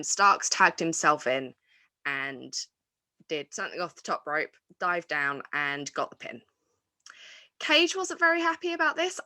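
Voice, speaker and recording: A woman's voice: on the low side, sharp tone, no room sound. A woman hosting a wrestling review show, chatting casually and enthusiastically, rambling with restarts and fillers. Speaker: wrestling podcast host.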